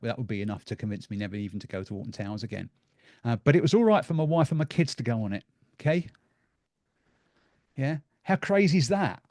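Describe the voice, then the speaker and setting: A man's voice: lowish voice, a little mellow, dry recording, studio quality. A middle-aged man giving a live talk to an audience, conversational and full of ums and repeated words.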